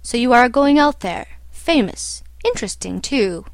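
A woman reading the lines of a calm, imperturbable little old doctor in a storybook, matter-of-fact in tone. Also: on the high side, a little slow, no echo. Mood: calm, clinical.

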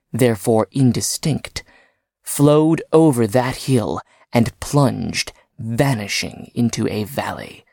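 A man reading a story aloud in dramatic narration, phrase by phrase with pauses. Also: mid-range voice, gravelly, a little mellow, dry recording, clean studio sound.

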